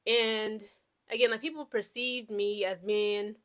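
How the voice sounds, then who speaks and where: A chatty woman from Central Ohio tells personal stories to the camera. She rambles, scatters "like" and "okay?" through her talk, and acts out both sides of conversations, all at an ordinary, middle pitch. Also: unhurried. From Central Ohio, USA. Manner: quotes people in lively back-and-forth. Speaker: Air Force veteran vlogger. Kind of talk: casual personal storytelling.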